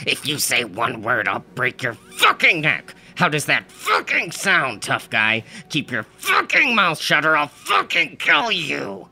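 A man's voice: on the high side, wildly swooping pitch, measured pace, gravelly, hardly any pauses, sharp tone, faint music behind, pitched above the performer's own voice, full character voice. A man voicing a violent, foul-mouthed producer over a hundred years old who screams threats in a shrieking, strained voice. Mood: menacing.

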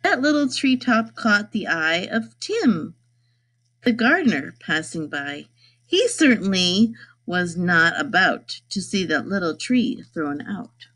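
A woman reading a rhyming picture book aloud, in a lively sing-song way. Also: lowish voice, takes it slowly. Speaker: storybook reader.

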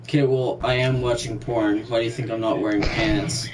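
A man's voice: mid-range voice, flat delivery, normal speed, far from the mic, background noise. A teenage boy streaming a shooter game, joking crudely with friends in casual chat. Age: teens. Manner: crude, joking, swears a lot. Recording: game audio and chatter behind.

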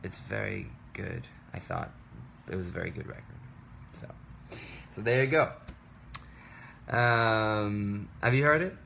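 A man's voice: lowish voice, a little slow, vocal fry, long pauses, pushed and bright, slight background noise. A man in his thirties chatting casually on a livestream from his home work desk, rambling and interrupting himself in a playful way. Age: 30s. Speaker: musician livestreaming.

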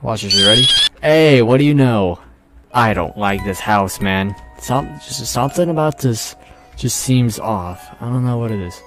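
A man's voice: medium pitch, animated, normal speed, over music. A young man playing a horror game, jumpy and nervous, swearing often and laughing at his own scares. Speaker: gamer.

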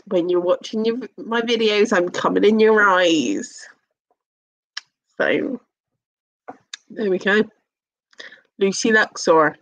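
Slow-talking English woman streamer. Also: mid-range voice, no room sound, poor audio. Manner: chatty, sweary, teasing, many fillers. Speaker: live streamer. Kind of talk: casual live-stream chat.

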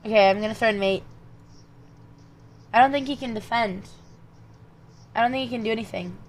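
Young woman streamer talking through chess moves under her breath, kinda high voice, jumps to loud chatty bits now and then. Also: a little fast. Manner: muttering calculations, then bursts of animated chat with viewers. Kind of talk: thinking aloud while playing chess online.

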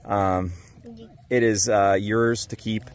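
A man's voice: fairly low pitch, fairly even intonation, slow pace. A man hosting a metal detecting vlog, narrating casually on the spot outdoors at a dig site and cheering on his friends in an upbeat way.

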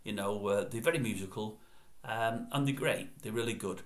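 A man's voice: on the low side, moderate pace. A man, reminiscing to camera in a chatty, meandering way and often correcting himself. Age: 60s. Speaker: vlogger. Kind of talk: rambling reminiscence.

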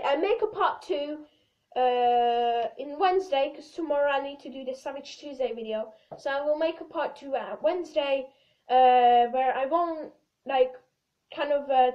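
A woman's voice: high voice, darkish tone, highs cut off. A woman vlogger talking casually and rambling, with many fillers and restarts. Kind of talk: casual comedy vlog.

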